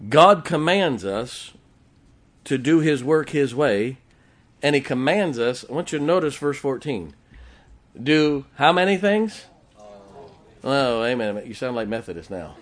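A man's voice: mid-range voice, lively intonation, measured pace, long pauses. A middle-aged man preaching a sermon, drawing call-and-response from the congregation and slipping in jokes. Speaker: pastor.

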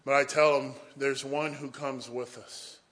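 Bright-voiced preacher man. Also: mid-range voice, level tone, unhurried. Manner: folksy storytelling, often says "boy". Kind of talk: sermon.

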